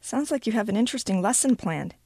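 A tired, sharp-tongued mother of two boys, voiced by a woman reading aloud. Her retorts come dry and clipped, the pitch bouncing around a lot. The sound is close and dry. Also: lively intonation, quick pace, husky, no room sound.

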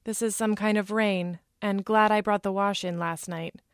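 A woman's voice: mid-range voice, fairly even intonation, normal speed, clean tone, dry recording, close to an everyday voice. A woman reading the lines of a village mother in her novel, in a dry close recording. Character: village mother chatting about rain.

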